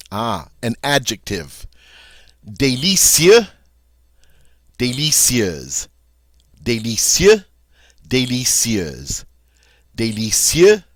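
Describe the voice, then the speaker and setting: A man teaching a French vocabulary lesson, saying each word several times slowly and clearly, and correcting himself in a relaxed way. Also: fairly low pitch, no room sound, studio quality.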